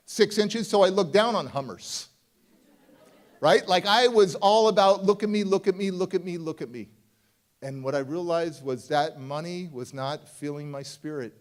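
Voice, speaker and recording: A middle-aged man speaks as a motivational speaker on a conference stage. His voice sits a little high for a man, and he tells his story with plenty of animation. He drops into playful voices for his younger self. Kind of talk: keynote talk at a youth summit. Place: conference stage before a live audience.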